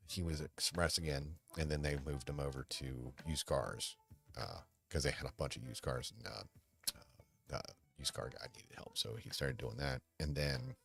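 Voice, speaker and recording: A man hosting a casual livestream chat, rambling and hesitant, with many restarts, sighs and quiet mumbles. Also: rumbling low, creaky. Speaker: livestream host.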